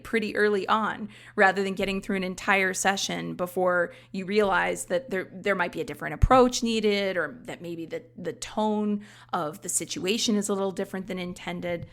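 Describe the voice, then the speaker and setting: Woman with a gravelly voice, teaching casually. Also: medium pitch, fairly bright tone. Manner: explanatory, conversational teaching with frequent "you know" asides. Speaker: life coach trainer and podcast host. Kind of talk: instructional podcast talk.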